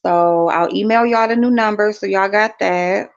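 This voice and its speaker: A woman's voice: mid-range voice, moderate pace, clear, resonant tone. A middle-aged woman in casual chat with her viewers, who laughs often and swears freely. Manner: chatty, laughs often, uses curse words. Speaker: livestream host. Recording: slightly dull lo-fi stream audio.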